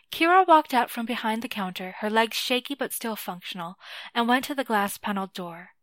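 A woman narrating a fictional story in a measured, scripted reading. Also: on the high side, expressive, a bit bright, no room sound.

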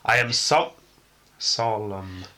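A man's voice: lowish voice, slow pace, bright, forceful tone. A man reading a line aloud who keeps stumbling over one word and mocks himself for it. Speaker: actor. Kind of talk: rehearsal blooper.

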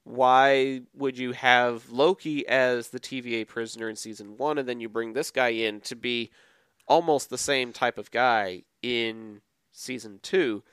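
A man co-hosting a podcast in casual chat, measured and thoughtful with some hesitations. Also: mid-range voice, steady tone, a bit bright, smooth, no echo. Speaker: podcast co-host.

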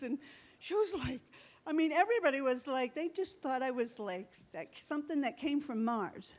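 A woman's voice: high-pitched, sing-song, normal speed. A middle-aged woman pastor preaching a sermon, telling stories in a chatty way and laughing often.

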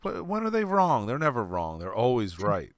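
A man's voice: mid-range voice, huge pitch swings, moderate pace, no room sound, clean studio sound. A man hosting a podcast, joking crudely with mock outrage in casual banter. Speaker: podcast host.

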